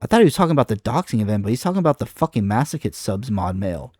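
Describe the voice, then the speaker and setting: A man's voice: lowish voice, sing-song, very fast, darkish tone, husky, no echo, studio quality. A man reacting to online comments in his video, exasperated and profane, rambling with frequent restarts. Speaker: video creator.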